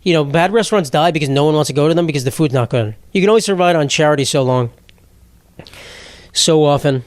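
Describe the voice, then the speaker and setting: A young man hosts his own podcast alone, ranting bluntly about whatever comes up and poking fun at himself as he goes. His voice sits a little high for a man. The sound is dry and close, with no room echo. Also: fast. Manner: rambling, blunt and self-mocking, laughs mid-sentence. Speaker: podcast host. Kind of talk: solo comedic podcast rant.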